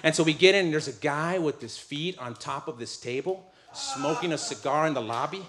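A man preaching as a guest speaker at a live church gathering, his voice sitting a little high. He tells a personal story with animated energy, laughing and acting out what people said. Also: brisk, crowd noise. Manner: animated, laughing, acts out quotes. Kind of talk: storytelling sermon.

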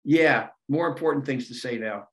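A man's voice: medium pitch, moderate pace. Chatty older male rock musician. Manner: animated storyteller, repeats words. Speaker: guest musician. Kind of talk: casual interview talk.

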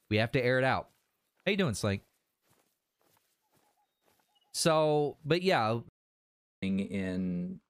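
A man's voice: on the low side, no echo, clean studio sound. A man streaming a game live, chatting casually, laughing and swearing as he plays. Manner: laughs a lot, swears, banters with chat.

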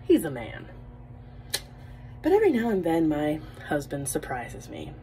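A woman with a slightly low voice tells a comic story in a wry, deadpan way. She sounds exasperated but amused, as if talking straight to a camera. A faint hum sits under her voice. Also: a little slow.

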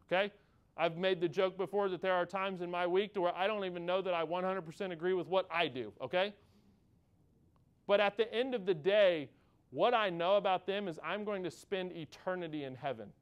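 A man's voice: high-pitched, fairly quick, clean tone. A man in his thirties, a pastor delivering a sermon in a conversational way, telling family stories and checking in with the congregation with "okay?" and "all right?". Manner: tells family stories with a light touch.

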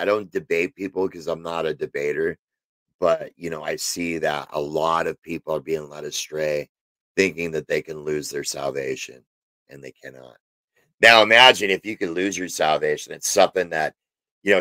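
Deep-voiced man giving rambling Bible teaching. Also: a bit bright, no room sound. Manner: rambling, many fillers and restarts, emphatic. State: has hiccups. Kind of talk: informal spoken Bible teaching.

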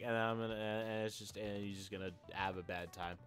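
Over faint background music, a young man who makes gaming videos vents with profane, frustrated commentary on his play, often repeating and restarting as he rants. His voice is fairly low and fairly bright, with fairly even intonation and a brisk pace.

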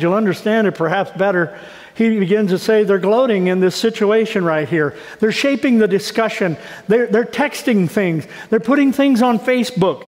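A middle-aged man pastor giving a sermon, talking conversationally and building to emphatic, raised passages. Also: high-pitched. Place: church sanctuary. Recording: long church hall reverb.

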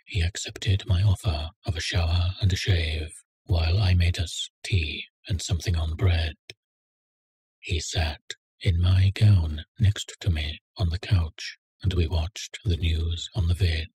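A man reading a story aloud in a measured, sardonic way. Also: low-pitched, warm tone, breathy edge, no echo. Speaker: narrator. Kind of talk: scripted story narration.

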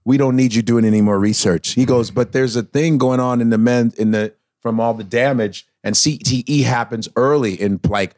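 Man with a dry, close, animated voice. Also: mid-range voice, no echo. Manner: animated storytelling, quick bursts. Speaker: podcast guest. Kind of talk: casual chat.

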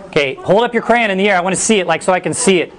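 A middle-aged male teacher giving a class brisk, playful instructions. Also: high-pitched. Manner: energetic, brisk, playful commands.

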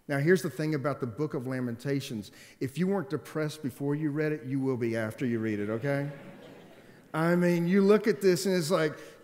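A man in his forties, a pastor preaching a sermon in a church, telling stories and swinging between loud emphatic stretches and quiet, subdued ones. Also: medium pitch. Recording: long hall reverb.

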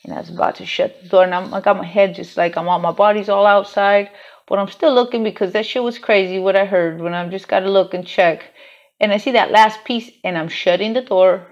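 Woman, low gravelly voice, rambling candid storytelling, lo-fi dull recording. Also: fairly even intonation, fairly quick. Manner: rambling, frequent swearing and restarts. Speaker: channel host telling a personal story. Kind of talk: candid personal storytelling, casual and profane.

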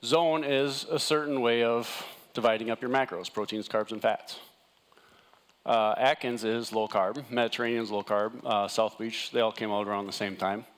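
Animated man giving a wellness talk. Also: fairly low pitch, normal speed. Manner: animated, jokey, asks the room "right?". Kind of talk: casual seminar talk to a live audience.

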